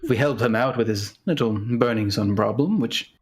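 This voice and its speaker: A man's voice: medium pitch, normal speed, lightly acted. A man voicing a boastful, charming adventurer in a tabletop role-playing game. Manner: boastful, bubbly.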